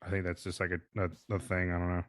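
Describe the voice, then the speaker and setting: A man's voice: sits low, monotone, quick pace, a bit bright, dry recording, studio quality. A man from the American South co-hosting a podcast in casual chat, joking, swearing and often breaking into laughter. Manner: jokey, swears, breaks into laughter and mock drawls. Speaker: podcast co-host.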